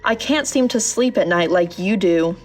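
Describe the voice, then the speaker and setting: A woman voicing a sleepy young male owl in a storybook reading, speaking quietly and wearily. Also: fairly low pitch, animated, moderate pace, faint music behind. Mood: weary. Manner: tired, quiet hooting.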